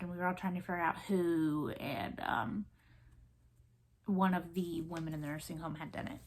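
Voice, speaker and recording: A woman in her twenties from the US South with a Southern accent, chatting casually as a vlogger, rambling with many fillers and restarts. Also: fairly low pitch. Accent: Southern American. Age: 20s. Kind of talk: casual chat.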